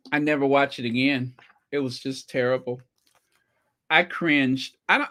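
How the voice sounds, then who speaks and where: A man hosting a casual commentary channel, animated and opinionated, reacting to viewer comments. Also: a little high. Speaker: channel host.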